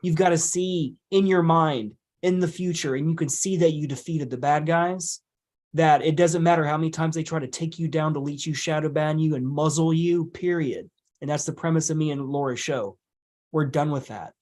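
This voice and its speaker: A man with a somewhat high voice talks in a blunt, emphatic way. He swears freely and drives his points home in loose podcast conversation. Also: normal speed, a little mellow. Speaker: podcast guest, hypnotist. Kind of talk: casual conversation.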